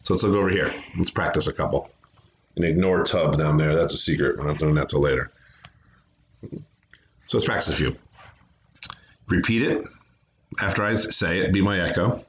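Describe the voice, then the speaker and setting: A man's voice: sits low, moderate pace, pauses often, dull audio, slight background noise. A man teaching a remote phonics lesson to children, patiently sounding out words and syllables. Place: home, away from classroom.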